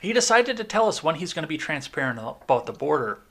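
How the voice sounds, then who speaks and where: Man, podcast host; bright, edgy tone; sarcastic, loose commentary. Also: a little high, very animated, quick pace. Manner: sarcastic, rambling with fillers. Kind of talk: casual political commentary.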